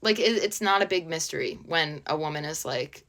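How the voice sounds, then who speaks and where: A woman's voice: low voice, normal speed, fairly bright tone. A woman reading online posts aloud and commenting on them in a blunt, sarcastic, casual way.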